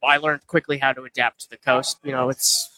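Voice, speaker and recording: A man, answering interview questions at a golf show in a steady, matter-of-fact way. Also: medium pitch, fairly quick, poor audio. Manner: steady, matter-of-fact, many you-knows. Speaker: golf course staff guest. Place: booth at a consumer golf show.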